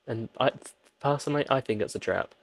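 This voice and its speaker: A man narrates his gameplay with a jokey, pleading tone, talking straight to the characters on screen. His voice sits at an ordinary middle pitch. The sound is dry and close, with no room around it. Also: brisk, gravelly, no echo. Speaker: gaming channel host. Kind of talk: let's play commentary.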